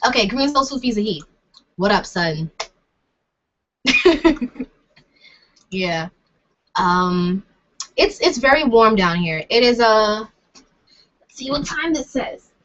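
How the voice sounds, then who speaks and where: Young woman chatting to viewers, bright higher voice, rambly and jokey about herself, kinda dull lo-fi sound. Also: animated, takes it slowly, long pauses. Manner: chatty and rambling, self-deprecating, laughs often. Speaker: vlogger answering viewer comments. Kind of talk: casual live Q&A chat.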